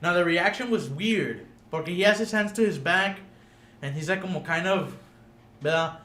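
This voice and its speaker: Animated storyteller man, echoey room. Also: high voice, moderate pace. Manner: switches between Spanish and English mid-sentence; animated storytelling, acts out what others said. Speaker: podcast host. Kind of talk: casual chat.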